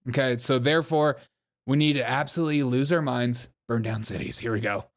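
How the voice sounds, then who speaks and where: A man's voice: mid-range voice, a little fast. A man hosting a comedic commentary show, reacting sarcastically to clips and laughing often.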